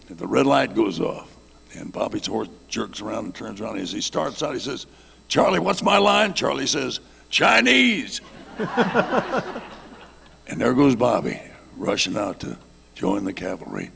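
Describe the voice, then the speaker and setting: A man's voice: fairly low pitch, creaky, breathy edge, long reverb tail. An older man telling a rambling, folksy anecdote on a reunion panel and laughing at his own jokes. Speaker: panel guest telling a story.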